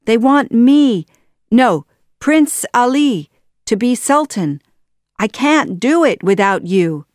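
A woman voicing an earnest young male hero who speaks emphatically, read slowly in a dry room. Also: on the high side, lively intonation, a little mellow, no room sound, pitched above the performer's own voice. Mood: pleading.

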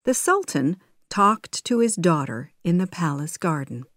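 A woman narrating a graded reader story, reading slowly and carefully for learners. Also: lowish voice, big pitch swings, fairly bright tone, no echo, clean studio sound.

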